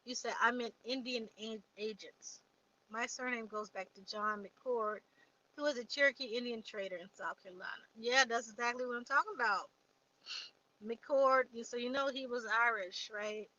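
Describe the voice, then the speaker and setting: Woman livestream host, fairly high and bright, chatty, answers viewer comments; dull lo-fi stream audio. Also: normal speed. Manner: chatty, reads viewer comments aloud and replies. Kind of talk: casual live chat.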